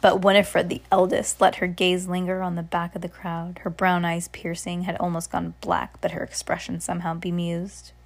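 A woman's voice: on the low side, monotone, normal speed, hardly any pauses. A woman reading a storybook aloud, stumbling and restarting now and then. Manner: unpolished, frequent restarts. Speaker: reader.

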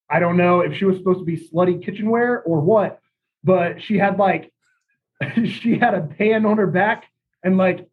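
A young man telling a rambling party story in a laid-back, chuckling way. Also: sits high. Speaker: podcast guest. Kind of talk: casual storytelling. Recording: tinny phone-like audio.

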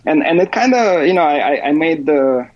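Male podcast guest, husky, halting delivery, dull dry recording. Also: fairly high pitch, animated, no room sound. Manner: halting, full of "you know" fillers and restarts. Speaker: interview guest, software developer. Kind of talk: casual interview.

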